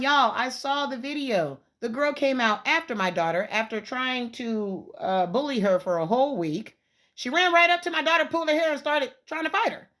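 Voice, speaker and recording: A woman in her thirties, a parent, giving an impassioned, emphatic rant to camera, rising to near shouting. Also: fairly high pitch, lively intonation, normal speed.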